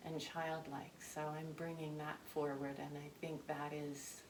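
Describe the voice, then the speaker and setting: A woman's voice: low-pitched, little pitch movement, measured pace. A woman guest in an interview, talking in a heartfelt, reminiscing way. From Canada. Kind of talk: interview conversation. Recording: echoey room from far off, faint noise.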